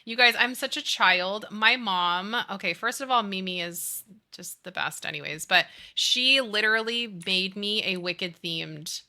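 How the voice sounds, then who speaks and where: A woman in her thirties chatting casually with her live stream audience, telling stories with lots of laughter and excitable energy. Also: medium pitch, a little slow, few pauses. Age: 30s. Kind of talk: casual chat while playing a game.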